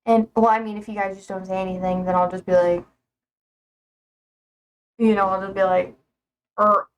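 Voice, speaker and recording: A woman's voice: medium pitch, level tone, moderate pace, a little mellow, clear, resonant tone. A young woman hosting a livestream from home, chatting casually and playfully with her viewers in a sassy, teasing way. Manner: playful and self-described sassy, frequent laughs. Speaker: livestream host. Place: home, indoors.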